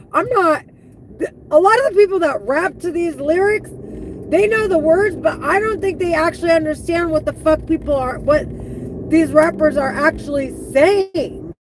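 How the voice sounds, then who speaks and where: A woman live streaming an angry, profane monologue, heated and full of halting restarts. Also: high-pitched, background noise.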